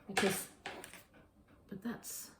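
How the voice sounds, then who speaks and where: Speaking extremely slowly, a woman chats casually on her knitting podcast, showing and telling things from her home kitchen. Her talk rambles, with frequent restarts and self-corrections. The room is echoey and there's heavy background noise.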